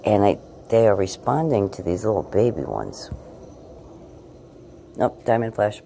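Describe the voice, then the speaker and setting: A woman filming a casual night-time video diary in her apartment, swinging between low murmurs and cooing talk to her cat. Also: big pitch swings, moderate pace, gravelly, long pauses, dark tone, slightly rough. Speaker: vlogger.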